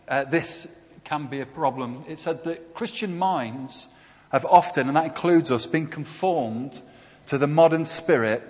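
A man giving a conversational sermon with slides, often asking his listeners tag questions. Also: a little high. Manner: conversational, asks the congregation tag questions, hesitant fillers. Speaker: preacher. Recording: dull, echoey hall recording.

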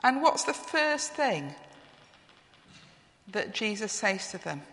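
A woman delivers a sermon at an unhurried pace, her voice bright and clear. She muses on her theme and often turns to the congregation with questions. The long reverb of a church hall trails after every phrase. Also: medium pitch, big pitch swings. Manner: reflective, asks the listeners questions. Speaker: preacher.

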